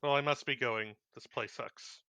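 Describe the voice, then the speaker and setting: A man's voice: medium pitch, moderate pace, pushed and bright, no room sound. A man playing a tabletop character in his own voice, dry and curt. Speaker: player. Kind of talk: in-character role-play.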